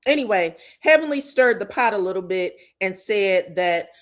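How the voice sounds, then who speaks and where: A woman hosting a gossip recap, talking in a sassy, animated way. Her voice sits in a middle range, and it jumps up often when she gets excited or laughs. She is loose and chatty, full of slang. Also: medium pitch, normal speed. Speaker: reality TV recap host.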